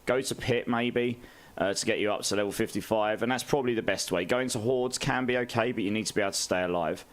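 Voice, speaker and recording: Man, low voice, game streamer, casual and chatty. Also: fast talker. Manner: chatty, greets chat, laughs often. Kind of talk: casual live-stream chat.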